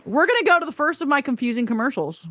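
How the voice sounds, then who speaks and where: A woman's voice: high voice, big pitch swings, fast, fairly bright tone, slight background noise. A woman hosting a casual chat show, joking crudely and laughing often. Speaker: podcast host.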